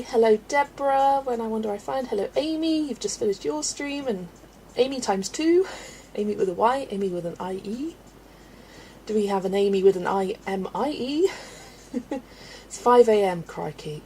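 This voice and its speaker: A woman's voice: fairly high pitch, mellow, slight background noise. A woman hosting a casual livestream, chatty and laughing often as she greets viewers by name, a little out of breath. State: slightly out of breath. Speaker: livestream host.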